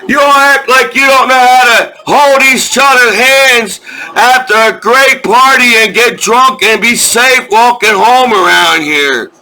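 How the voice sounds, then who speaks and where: A man's voice: very high-pitched, measured pace, sharp tone, rough recording. An army veteran talking in a casual, rambling monologue, swearing freely, laughing often and restarting his sentences. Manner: rambling, profane, laughs often between lines; repeats himself and restarts sentences.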